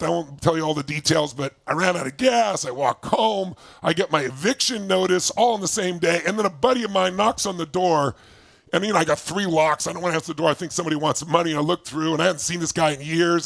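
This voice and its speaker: A man's voice: on the high side, fast, creaky, a bit bright, dry recording. A man in his sixties giving a motivational talk from his home basement, telling stories animatedly and acting out remembered dialogue. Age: 60s. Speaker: motivational speaker. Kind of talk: motivational talk to an online audience.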